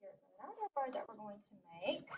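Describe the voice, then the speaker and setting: A female teacher leads young kids through a phonics lesson, speaking slowly, clearly and with encouragement in a slightly high voice full of big pitch swings. She's positioned away from the microphone, so the audio comes across distant, dull and lo-fi, with a noisy background.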